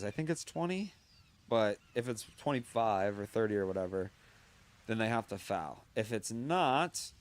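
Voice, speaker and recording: A man hosting a comedy watchalong, calling the game in a jokey sportscaster style with casual swearing. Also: fairly low pitch. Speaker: comedy podcast host. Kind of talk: mock play-by-play commentary.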